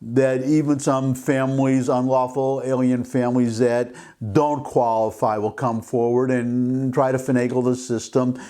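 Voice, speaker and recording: An older man hosting an opinion vlog, reading a news article aloud and commenting on it indignantly, with halting restarts. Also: medium pitch, flat delivery, warm tone, smooth. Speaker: vlog host.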